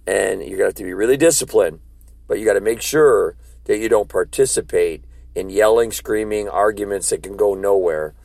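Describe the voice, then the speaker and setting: A man's voice: fairly low pitch, moderate pace, gravelly, no echo. A man who street-preaches, talking earnestly and plainly about faith and reading scripture aloud. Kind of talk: casual faith talk.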